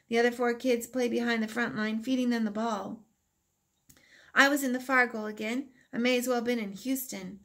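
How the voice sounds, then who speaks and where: A woman teacher reading a novel aloud, narrating in a steady storytelling manner. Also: fairly high pitch. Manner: steady storytelling, plain delivery.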